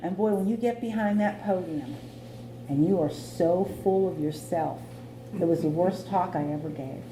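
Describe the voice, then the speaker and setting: A woman's voice: fairly low pitch, normal speed, background noise. A middle-aged woman speaking at a recovery meeting, candidly telling her own story and laughing at herself. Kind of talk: personal recovery testimony. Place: meeting room. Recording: echoey meeting room.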